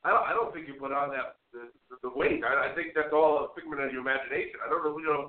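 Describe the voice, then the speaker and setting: Man, high voice, very lively pitch, joking banter, phone-like tinny audio. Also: rapid-fire, a crowd in the background. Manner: joking, animated reactions. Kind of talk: casual podcast chat.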